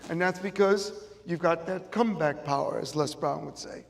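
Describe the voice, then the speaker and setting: A middle-aged motivational speaker with a Chicago accent gives an emphatic stage talk, repeating his key phrases. His voice is on the high side and gravelly, at a moderate pace, and the event room with its audience adds the long reverb of a large space.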